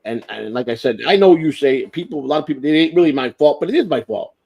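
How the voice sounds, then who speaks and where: A man's voice: a little high, fast talker, creaky, a little mellow, muffled recording. An older man in casual chat on a live stream, talking in an emotional, profane and self-deprecating way. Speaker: stream host.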